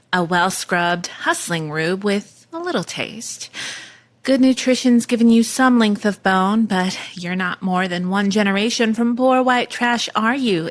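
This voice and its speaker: A woman's voice: mid-range voice, lightly acted. A woman doing a valley-girl cannibal psychiatrist. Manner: breezy valley-girl lilt over menacing taunts. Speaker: podcast host doing a mock sponsor read.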